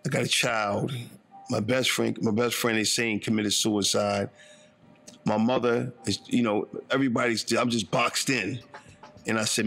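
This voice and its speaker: A fairly low, slightly bright male voice with mostly even intonation and an unhurried pace. He's a man in his fifties from northern New Jersey reflecting on his own life in a conversational, slangy way, often checking in with "you know what I'm saying."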